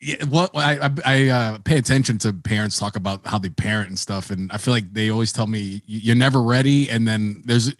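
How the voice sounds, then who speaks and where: A man's voice: lowish voice, brisk, hardly any pauses, no echo, studio quality. A man hosting a podcast, chatting casually with frequent stammers and restarts, now and then swearing. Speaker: podcast host. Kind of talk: casual chat.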